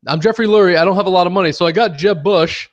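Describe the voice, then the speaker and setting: A man's voice: sits high, rapid-fire, muffled recording, lightly acted. A man mimicking a brash rich male sports team owner who boasts and swears. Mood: boastful. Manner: boastful, profane.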